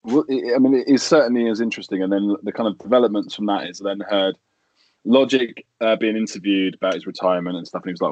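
Sweary low-voiced man chatting. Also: fast, dry recording, highs cut off. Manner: sweary, animated, laughs while talking. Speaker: podcast co-host. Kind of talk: casual chat.

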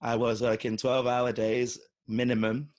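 A man with a husky voice hosting a casual podcast chat, teasing his co-host in quick banter. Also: mid-range voice, level tone, a little mellow, no room sound, studio quality.

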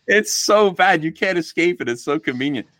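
A man's voice: on the high side, animated, normal speed, a bit bright. A middle-aged man chatting casually as a guest on a podcast, swearing and acting out quoted exchanges.

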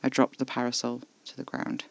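Gravelly man narrating horror. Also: medium pitch, monotone, a little fast, no room sound, poor audio. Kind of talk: scripted first-person horror narration.

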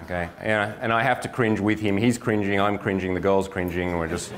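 A middle-aged man, a dating coach, giving a lively workshop lecture with jokes and acted-out examples. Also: low-pitched, a little fast, slight background noise. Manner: energetic, joking, acts out examples.

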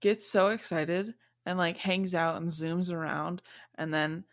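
A woman with a slightly lower voice chats on her podcast from home. She talks casually and fills her sentences with lots of "like"s as she tells animated little stories. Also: measured pace. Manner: chatty, filler-heavy, animated storytelling. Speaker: podcast host. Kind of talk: casual chat. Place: home, remote recording.

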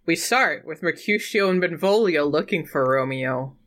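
A woman co-hosting a casual movie recap in a sardonic, animated way. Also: deep voice, normal speed. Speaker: podcast co-host.

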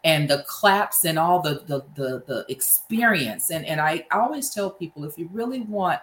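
Low-voiced enthusiastic woman host. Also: animated, normal speed, a bit bright, roomy sound. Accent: Southern US. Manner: enthusiastic, emphatic repetition. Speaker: podcast host. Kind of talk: casual chat.

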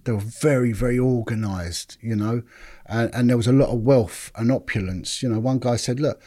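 A former detective with a medium-pitched voice and moderate pace tells stories casually on a podcast. He's animated, repeats words, and acts out what other people said.

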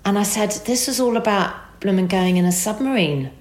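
A woman telling an emotional personal story as a guest, animated and acting out the dialogue. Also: mid-range voice, brisk, roomy sound.

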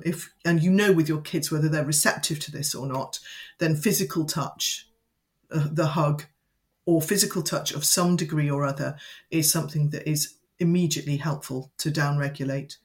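A woman educator giving calm, measured advice as a guest in an interview. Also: low-pitched. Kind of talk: interview explanation.

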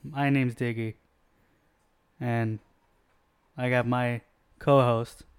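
A man's voice: medium pitch, little pitch movement, slow, clean tone. Joking young man hosting a podcast. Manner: joking, loose, swears freely. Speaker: podcast host. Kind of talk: casual chat.

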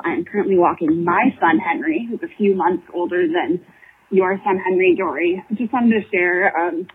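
A woman's voice: fairly low pitch, a little hiss or hum. A woman leaving a grateful voicemail for a podcast while out walking with a stroller, a little out of breath. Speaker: caller. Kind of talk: voicemail message. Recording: muffled phone voicemail.

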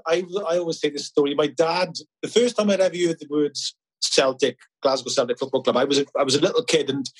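A man's voice: medium pitch, husky, low-quality recording. A middle-aged man from Wales, a filmmaker guest chatting casually in an interview, telling anecdotes with many restarts.

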